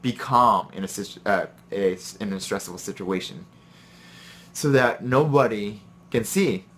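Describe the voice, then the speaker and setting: A man who is a chef and hosts his own vlog, telling rambling stories about work and then giving relaxed advice. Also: fairly low pitch, a little slow. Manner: chatty, rambling, gives pep-talk advice. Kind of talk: casual storytelling and advice vlog.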